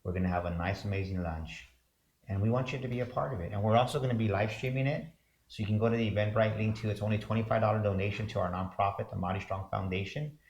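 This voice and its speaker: A man's voice: fairly low pitch, fairly even intonation, quick pace, darkish tone, muffled recording. A man co-hosting a motivational talk show, speaking fervently with repeated, preacher-like build-ups. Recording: roomy echo.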